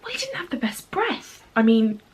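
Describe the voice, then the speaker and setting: A woman's voice: sits high, big pitch swings, normal speed, a little hiss or hum. A young woman with a cold, telling a story to the camera in a casual vlog with lots of chatty fillers. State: has a cold. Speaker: vlogger.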